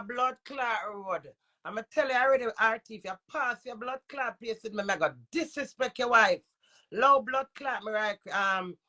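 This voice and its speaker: A woman's voice: a little high, pushed and bright. A woman with a Jamaican accent and a runny nose, ranting in heated, profane patois. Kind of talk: angry rant to camera.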